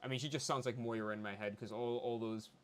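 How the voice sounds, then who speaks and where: A man's voice: mid-range voice, steady tone, fast talker. A man guest in a casual chat, easygoing, slipping into camp voice impressions.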